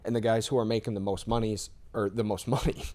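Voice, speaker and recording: A man with a fairly low voice talks casually and upbeat. He explains his points with everyday examples and often checks in with a quick "right?". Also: flat delivery, darkish tone. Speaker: insurance sales rep, guest. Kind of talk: casual interview talk.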